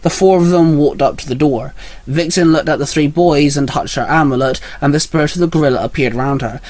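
A man narrating a fan-written action story in a plain, even reading voice. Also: on the high side, brisk, dry recording.

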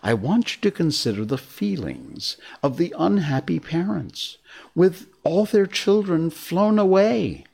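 A man voicing a motherly young girl telling a bedtime story to a group of boys, with a gentle, patient tone. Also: fairly high pitch, very animated, unhurried, creaky, slightly rough, voice pushed up, heavily acted. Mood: storytelling.

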